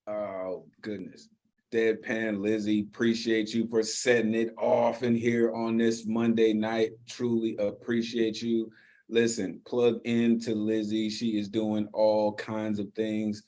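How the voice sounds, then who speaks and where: A man's voice: on the low side, completely flat delivery, takes it slowly, mellow. A man hosting an online open mic over a video call, effusively thanking and introducing poets.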